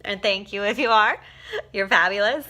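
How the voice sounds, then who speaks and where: Young female vlogger, worn out and loose-tongued, bright forceful voice, casual to-camera chat. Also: medium pitch, moderate pace. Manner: loose, laughing, swears freely. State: exhausted.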